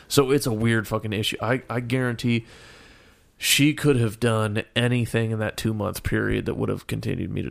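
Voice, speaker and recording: A young man with a gravelly, fry-heavy voice tells a story in casual chat. His delivery is profane and animated, breaking into shouts and laughs. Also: lowish voice.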